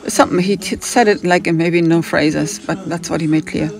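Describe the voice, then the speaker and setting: A woman's voice: lowish voice, fairly even intonation, normal speed, vocal fry. A woman from Hamburg with a German accent telling a rambling personal story, drifting off on tangents and acting out what other people said. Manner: digressive, acts out other people's lines.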